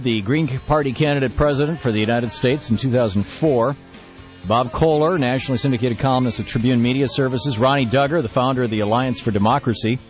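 A man from Detroit hosting political talk radio, speaking in a rapid, discursive, opinionated way. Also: medium pitch, lo-fi sound. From Detroit, Michigan. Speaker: radio talk show host.

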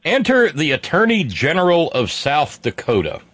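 A man's voice: fairly high pitch, wildly swooping pitch, normal speed, fairly bright tone, dry recording. A man co-hosting a talk show, telling a news story with heavy sarcasm and mocking asides. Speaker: co-host. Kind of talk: sardonic political banter.

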